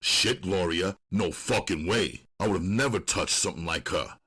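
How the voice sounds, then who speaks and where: A man's voice: low voice, animated, moderate pace, sharp tone, slightly rough, no echo, clean studio sound, heavily acted. A man voicing a brutal, volatile pimp who barks curt, profane commands. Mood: angry. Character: brutal adult male pimp, menacing and volatile.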